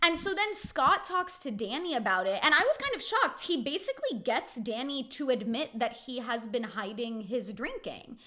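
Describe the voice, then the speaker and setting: Bright-voiced chatty woman recapping reality TV. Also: sits high, big pitch swings, moderate pace, few pauses. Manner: chatty, frequent "like", quotes cast members in mocking voices. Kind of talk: casual opinionated recap.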